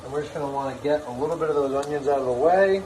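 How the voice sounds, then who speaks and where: A man's voice: a little high, racing, dark tone, a little hiss or hum, poor audio. A man casually talking through a recipe as he cooks in his home kitchen, in a chatty, joking way. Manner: chatty, jokey, upbeat. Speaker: home cooking vlogger. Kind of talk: casual cooking demo.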